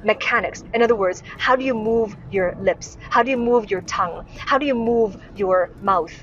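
A woman's voice: mid-range voice, normal speed, lo-fi sound, slight background noise. A woman speech and communication coach teaching straight to the camera in an emphatic way, often ending her points with "right?". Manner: emphatic, keeps adding "right?" as tag questions. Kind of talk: direct-to-camera teaching talk.

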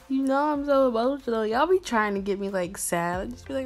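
Brief: upbeat, slangy woman YouTuber with a fairly high voice, faint music underneath. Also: brisk. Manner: playful, slangy, upbeat, talks straight to viewers. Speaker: YouTuber replying to fan messages. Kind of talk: casual chatty vlog.

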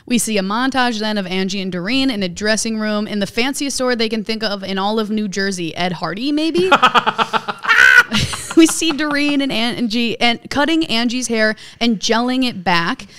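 A woman's voice: a little high, normal speed, a bit bright, smooth. A woman comedian reading her own comedy script aloud as narration, often laughing at her own jokes.

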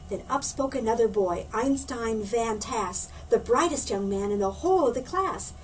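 A woman reading a picture book aloud to children at a library, in a lively, expressive storytelling manner. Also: a little high, normal speed, few pauses, recorded from a distance, a little hiss or hum, rough recording.

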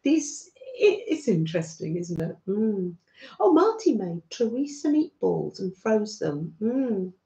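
A British woman hosting a live craft stream, chatting warmly with viewers by name and laughing softly. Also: mid-range voice, sing-song, slow pace, vocal fry. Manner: warm, chatty, talks to viewers by name, frequent soft laughs. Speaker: craft livestream host. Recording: roomy, slightly dull sound.

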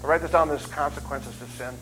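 A man's voice: on the high side, fast, a little hiss or hum, rough recording. A middle-aged man preaching a sermon in a church, joking and acting out voices. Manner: joking, animated, acts out voices and screams. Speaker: guest preacher. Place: church sanctuary.

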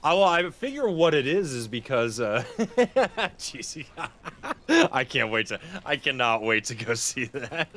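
A man's voice: medium pitch, animated, normal speed, few pauses, bright, forceful tone. A man streaming a video game, chatting casually with viewers, swearing freely and laughing often. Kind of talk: casual gameplay commentary.

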